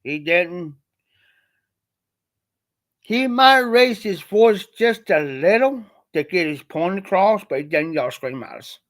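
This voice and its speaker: Man, from ohio, livestream host, casual storytelling, rambling, repetitive, colloquial, slightly high voice. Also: lively intonation, takes it slowly, long pauses, a bit bright.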